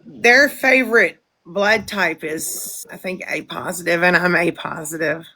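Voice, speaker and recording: A middle-aged woman chatting casually as a guest on a live stream, jumping in quickly with stories of her own. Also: fairly low pitch, creaky, bright, forceful tone.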